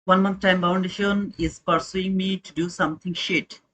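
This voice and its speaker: A man's voice: high-pitched, steady tone, moderate pace, a bit bright, low-quality recording. A young man hosting a live trading stream, talking informally to his chat and repeating his points. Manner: informal, repetitive, talks to chat viewers. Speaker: trading livestream host.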